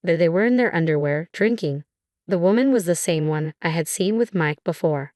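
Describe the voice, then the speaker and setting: A woman narrating a first-person drama story in a steady, measured way. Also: on the low side, no echo, clean studio sound.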